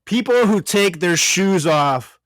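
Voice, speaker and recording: A man's voice: sits high, animated, slow pace, a bit bright, no echo, clean studio sound. A young man co-hosting a podcast, ranting in casual chat, swearing freely and laughing often. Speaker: podcast co-host.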